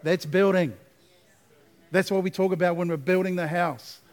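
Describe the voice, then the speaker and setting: Male pastor, fairly high voice, sermon with rising repeated refrains. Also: steady tone, moderate pace. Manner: preaching with call-and-response asides, building to emphatic repetition.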